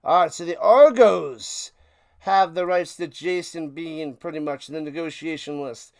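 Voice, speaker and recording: A man streaming a live football watch party, giving casual play-by-play commentary and bursting into loud calls. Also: fairly high pitch, a little slow, smooth, dry recording, soft background music.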